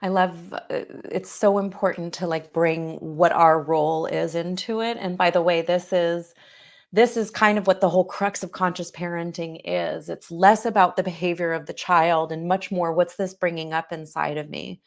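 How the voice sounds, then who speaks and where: A woman with a fairly low, gravelly voice full of vocal fry speaks about parenting in a relaxed, thoughtful way. She talks as a mother, with an easy, conversational manner. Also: moderate pace. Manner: thoughtful, relaxed, laughs while recounting. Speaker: parenting teacher. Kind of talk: conversational discussion.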